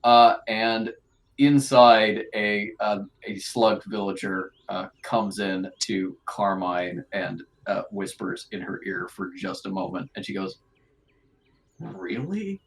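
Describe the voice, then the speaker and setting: A man narrating as game master of a tabletop game, halting often with filler sounds. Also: lowish voice, little pitch movement, rough recording.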